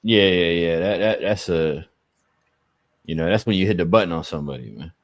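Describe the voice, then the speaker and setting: A man's voice: low-pitched, a little fast. Laid-back man chatting on a livestream. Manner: laid-back, laughs often, talks to chat. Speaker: livestream host making sales calls. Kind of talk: casual livestream chat.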